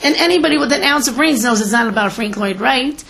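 A woman teacher speaking to an audience of parents, lively and storytelling, often acting out what people say. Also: fairly high pitch, quick pace, gravelly. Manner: animated, tells stories and acts out quotes. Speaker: teacher and school educator giving a talk. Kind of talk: lecture to parents with stories.

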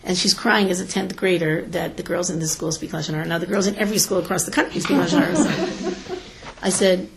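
A woman teacher speaking to an audience of parents, lively and storytelling, often acting out what people say. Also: on the low side, a little fast, vocal fry, very noisy. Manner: animated, tells stories and acts out quotes. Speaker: teacher and school educator giving a talk. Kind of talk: lecture to parents with stories.

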